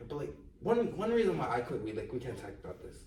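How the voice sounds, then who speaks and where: A man's voice: mid-range voice, big pitch swings, fast, a little mellow. Blunt young man, echoey and distant. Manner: teasing, blunt, slangy. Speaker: podcast co-host. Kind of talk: casual chat. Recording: roomy echo, far from mic, faint noise.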